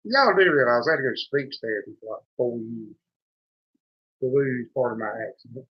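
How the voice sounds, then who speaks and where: A man with a Southern Carolina accent chatting casually on a livestream in a slow, folksy, self-deprecating way. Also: mid-range voice, lively intonation. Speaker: co-host. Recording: muffled lo-fi stream audio.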